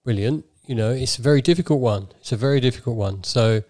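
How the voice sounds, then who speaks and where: A man in casual football podcast chat, speaking in a measured way with many "you know" fillers. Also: medium pitch, a little mellow.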